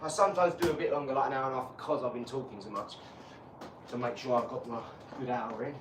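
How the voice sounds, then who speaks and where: A man's voice: medium pitch, steady tone, fast talker. A man, chatting casually on a live stream during a boxing workout, rambling and swearing freely. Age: 40s. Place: home workout room. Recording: echoey room, distant mic, loud noise.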